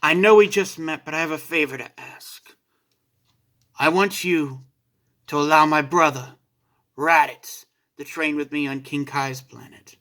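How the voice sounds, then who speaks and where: A calm, resolute warrior and father, played by a man reading a fan story. He speaks quietly and earnestly with a bright tone. His delivery is unhurried and steady. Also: on the high side. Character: young male alien fighter, calm and resolute father.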